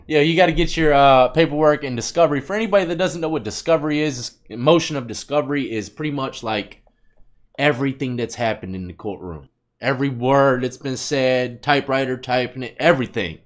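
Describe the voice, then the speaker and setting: A man's voice: medium pitch, fairly quick. A man hosting a reaction vlog, talking about prison life in a laid-back, slangy way. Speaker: host reacting to clips, formerly incarcerated. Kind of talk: casual reaction commentary.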